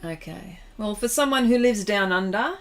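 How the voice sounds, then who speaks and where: A woman teaching a livestream painting demonstration, chatting with viewers as she works and pausing often to find her words. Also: mid-range voice, animated. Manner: chatty, reads and answers viewer comments while working; halting, many fillers and restarts. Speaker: art instructor.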